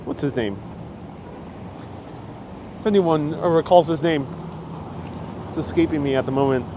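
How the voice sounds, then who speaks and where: A slightly high-voiced man with a New York accent narrates a live walk through the city streets, reading and answering viewers' messages in a friendly, chatty way. Faint city traffic hums behind him outdoors. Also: measured pace. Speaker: host of a live city walking tour. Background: faint street ambience and passing traffic.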